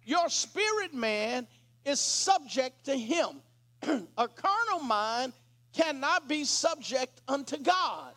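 High-voiced preacher guy, slow and gravelly, preaching a sermon. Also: sing-song, a bit bright. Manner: preaching with dramatic retelling, clears throat.

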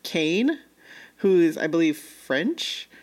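A woman's voice: lowish voice, sing-song, slow, a little mellow. Chatty woman recapping an anime. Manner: chatty, laughs often, acts out characters' lines. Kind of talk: casual chat reviewing an anime.

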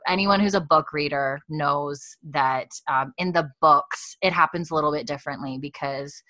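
A woman co-hosting a casual podcast and reading listener messages aloud, chatty and quick to laugh. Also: sits low, bright, forceful tone, no echo.

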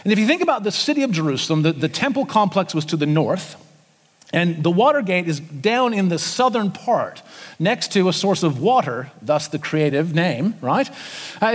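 Lively Australian pastor in a reverberant hall. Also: male voice, sits high. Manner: conversational preaching, acts out voices of people. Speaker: senior pastor. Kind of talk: sermon. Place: church auditorium.

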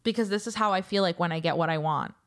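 A woman's voice: lowish voice, fast talker, fairly bright tone. A woman co-hosting a casual podcast, explaining things in a chatty way full of "like" and "um.". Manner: chatty explaining, heavy use of "like" and "um". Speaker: podcast co-host.

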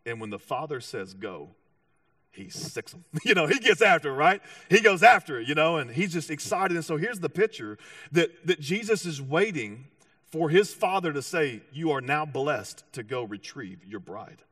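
A man preaching a sermon with animated storytelling, acting out voices and often restarting his sentences. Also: on the high side, moderate pace, dry recording, studio quality, recorded from a distance. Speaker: pastor.

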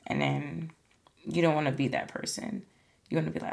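A woman's voice: sits low, a little fast, creaky, darkish tone. A woman hosting a podcast, talking in a casual, earnest and encouraging way, full of "like" and "you know". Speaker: podcast host. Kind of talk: casual motivational monologue.

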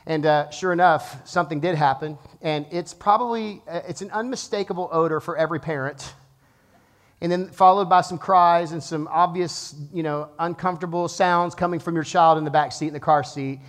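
A pastor in his thirties preaching to his church, telling a lively story and then dropping to a hushed, earnest tone. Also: on the high side, normal speed. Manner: animated storytelling, swings from loud to hushed. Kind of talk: sermon. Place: church auditorium.

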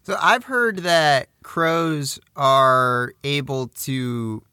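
A man's voice: medium pitch, drawn-out words, bright, forceful tone, clean tone, no room sound, clean studio sound. A man co-hosting a podcast in casual chat, full of wry jokes and banter. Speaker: podcast co-host.

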